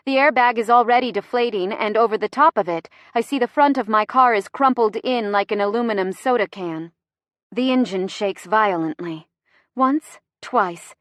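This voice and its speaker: A woman giving an expressive, dramatic first-person reading of a romance audiobook. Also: mid-range voice, no echo. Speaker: audiobook narrator.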